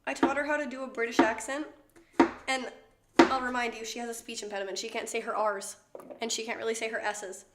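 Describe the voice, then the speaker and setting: Chatty young woman streamer, slightly high voice, roomy kitchen sound. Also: steady tone, a little fast, very noisy. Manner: chatty, laughing, swears freely. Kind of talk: casual chat while cooking. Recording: echoey room.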